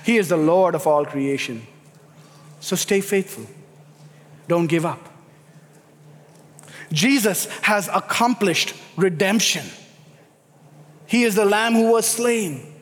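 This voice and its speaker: A man's voice: sits high, slow, pauses often. A man preaching a sermon, emphatic and building in intensity as he speaks. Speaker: pastor. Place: church sanctuary. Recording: echoey hall reverb.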